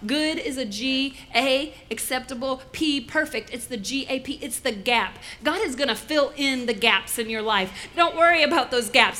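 A woman pastor preaching a lively sermon, playful and animated, calling on the congregation to respond. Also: sits high, moderate pace, hardly any pauses.

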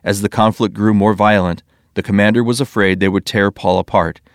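A man reads scripture aloud in a steady, measured voice. His pitch sits low and the delivery stays even. The recording is dry and close, with no room sound. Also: no room sound. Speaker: scripture reader. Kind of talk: scripted Bible reading.

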